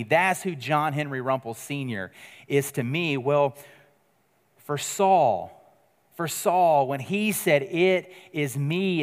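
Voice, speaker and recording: A man preaching a sermon as pastor, earnest and conversational, dropping to quiet emphasis on key words. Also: on the high side, in a large hall.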